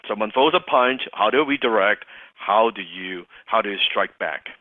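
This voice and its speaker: A sales trainer coaches his team in an interactive session, emphatic and repeating his key points for the group. His lowish voice is expressive at normal speed, and the dry recording sounds tinny, like phone call audio.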